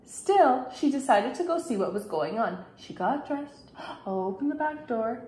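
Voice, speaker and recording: A young woman teacher reading a children's picture book aloud, expressive, with big shouted lines for the characters. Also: fairly high pitch, a little slow. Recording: echoey room.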